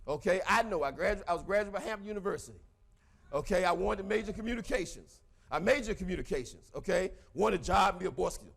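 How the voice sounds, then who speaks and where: A man with a Southern US drawl rattles through a motivational seminar talk at high speed. His voice sits high, and he hammers his points home with repetition and sudden shouts. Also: lively intonation, quick pace, creaky. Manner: emphatic, repetitive, bursts into shouting. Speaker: seminar speaker.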